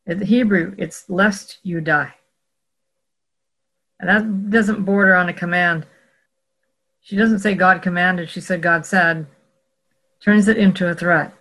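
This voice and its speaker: A Bible teacher working through scripture in a careful, explanatory teaching talk. The speaker goes step by step, pausing to correct and rephrase mid-sentence. The voice sits at a middle pitch. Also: pushed and bright, rough recording. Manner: measured and explanatory, with frequent self-corrections.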